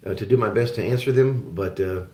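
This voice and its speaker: A man's voice: fairly low pitch, brisk, darkish tone, roomy sound. A man from Germany hosting a casual live-stream chat with viewers, friendly and rambling, with many fillers and restarts. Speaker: show host.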